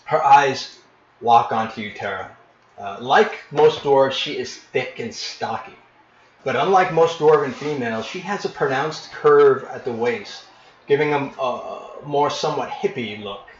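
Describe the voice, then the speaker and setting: A man's voice: medium pitch, slight background noise. Man narrating as game master, echoey room. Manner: vivid descriptive narration with frequent pauses and restarts. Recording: echoey, dull lo-fi room recording.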